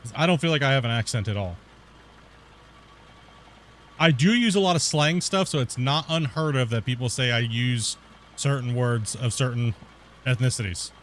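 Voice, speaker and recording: A young man from the northern US near the Canadian border speaks with a Pacific Northwest accent carrying West Coast Canadian touches. His mid-range, slightly bright voice moves at a moderate pace with frequent pauses, and a little hiss or hum is audible. Hosting a casual gaming stream, he uses loose slang, calls people bro and dude, and laughs a lot.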